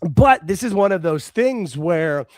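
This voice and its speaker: Man, high voice, excitable, bursty casual talk, dry sound. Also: measured pace, no echo. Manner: excitable, talks in bursts with laughs and restarts. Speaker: podcast co-host. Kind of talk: casual wrestling chat.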